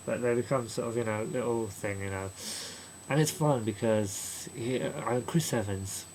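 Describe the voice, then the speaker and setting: A man giving a casual spoken film review, rambling and chatty, slipping into quick mocking impressions of characters. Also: medium pitch, a little mellow, slight background noise, rough recording. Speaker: movie reviewer.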